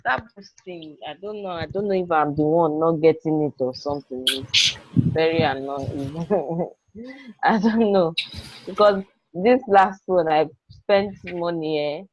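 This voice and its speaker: A woman's voice: low voice, a little slow, lo-fi sound, a little hiss or hum. A woman being coached on a call, hesitant and unsure about her advertising. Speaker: coaching client.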